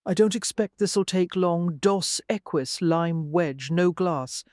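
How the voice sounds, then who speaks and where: A woman's voice: fairly low pitch, takes it slowly, a little mellow, dry recording, studio quality. A woman voicing a confident, teasing Texan businessman in an audiobook, with an easygoing, wry manner.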